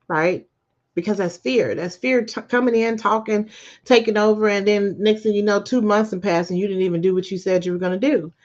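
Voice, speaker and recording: A woman, hosting a podcast and giving a casual, animated motivational talk with quick asides. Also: mid-range voice. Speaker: podcast host. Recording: dull lo-fi recording.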